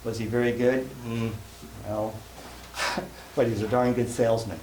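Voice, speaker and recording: A man's voice: mid-range voice, steady tone, moderate pace, a little mellow. Guy doing a folksy sales talk in an echoey hall, jokey and self-deprecating, a bit of room hum. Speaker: sales seminar speaker. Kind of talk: live conference talk. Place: conference hall before an audience. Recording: echoey live hall, faint room noise.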